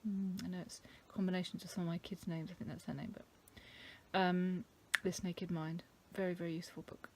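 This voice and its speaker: Husky, low-voiced woman vlogging thoughtfully. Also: flat delivery, a little mellow. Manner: thoughtful, halting, with many ums. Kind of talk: casual chat to camera. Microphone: camera mic.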